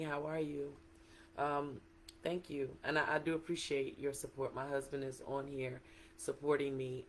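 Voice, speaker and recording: A middle-aged woman author in a casual livestream talk, excited and chatty, greeting viewers by name. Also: a bass voice, a little hiss or hum. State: a little emotional.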